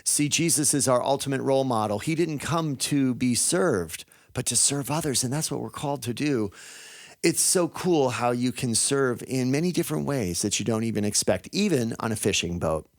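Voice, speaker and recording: A male podcast host, a father of four, reading scripted faith narration in a gentle storytelling manner. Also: medium pitch, lively intonation, moderate pace, no room sound. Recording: dry studio voice with soft music behind.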